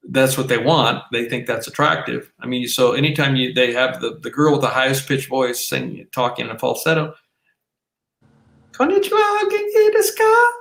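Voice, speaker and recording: A man's voice: medium pitch, steady tone, measured pace, gravelly, a bit bright. A man co-hosting a casual podcast, talking in a rambling way with many restarts and fillers. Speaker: podcast co-host. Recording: roomy echo.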